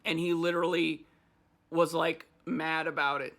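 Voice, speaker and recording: A man's voice: a little high, level tone, normal speed, a bit bright. A man hosting a podcast, ranting in loose, profane casual chat. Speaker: podcast host.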